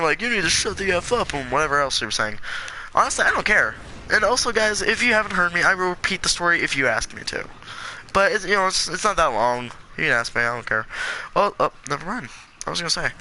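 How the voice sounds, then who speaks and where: A man's voice: a little high, sharp tone, a little hiss or hum, poor audio. A fifteen-year-old boy ranting defiantly in casual chat while playing a game. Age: teens. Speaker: gaming streamer.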